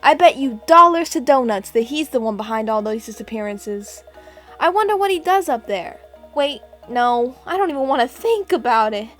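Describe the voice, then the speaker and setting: A woman's voice: a little high, expressive, normal speed, soft background music, lightly acted. A woman voicing a nervous villager who passes on frightening rumors in a raised, breathless voice. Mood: spooked. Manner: breathless, gossipy and fearful. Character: jittery villager spooked by rumors.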